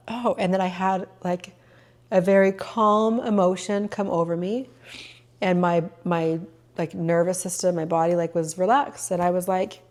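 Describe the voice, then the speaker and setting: Her voice sits at a medium pitch with a slightly mellow quality. She's a middle-aged woman hosting a reflective podcast monologue, earnest and openly emotional, with lots of fillers sprinkled through her speech.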